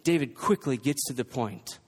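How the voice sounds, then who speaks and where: A man's voice: medium pitch, normal speed, slightly rough. A man preaching a sermon, reading scripture and pressing his points with emphatic, repeated exhortations. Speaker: pastor. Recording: long reverb from a large hall.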